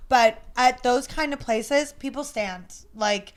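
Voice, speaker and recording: A woman hosting a podcast, chatting in an easygoing way and reacting with quick comments. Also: fairly high pitch. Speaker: podcast host. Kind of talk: casual chat.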